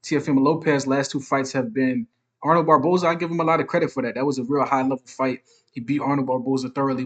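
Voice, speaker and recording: Casual man breaking down boxing. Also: fairly high pitch. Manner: conversational, keeps checking in with "right?". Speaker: boxing commentary channel host. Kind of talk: casual solo boxing commentary.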